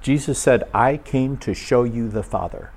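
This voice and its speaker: A man's voice: medium pitch, moderate pace, darkish tone. A man preaching an informal sermon to a live audience, asking them questions and acting out short quoted voices. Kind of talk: conversational sermon.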